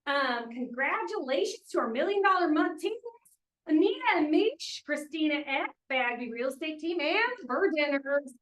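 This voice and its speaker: A woman's voice: high voice, animated, fairly bright tone, slight background noise, poor audio. A woman hosting a team meeting, reading out award winners in an upbeat way and cheering them on. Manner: upbeat, cheers names with quick whoops. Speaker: meeting host announcing awards.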